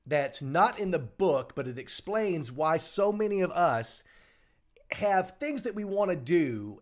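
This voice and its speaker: A middle-aged man hosting a live show, giving an earnest motivational talk and repeating his key lines for emphasis. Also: sits high. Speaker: show host. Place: small home studio.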